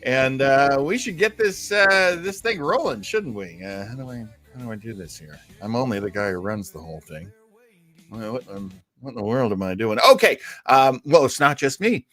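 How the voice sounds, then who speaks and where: A man's voice: mid-range voice, lively intonation, normal speed, fairly bright tone, faint music behind. A man hosting a casual live stream, rambling and self-mocking with many fillers. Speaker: show host.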